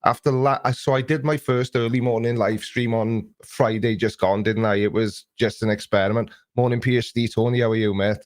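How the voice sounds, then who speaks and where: A man's voice: medium pitch, steady tone, normal speed, hardly any pauses, no echo. A man hosting an early morning livestream, greeting viewers by name and chatting about their comments in a rambling way. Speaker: livestream host. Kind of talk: casual livestream chat, reading viewer comments. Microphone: desk recording mic.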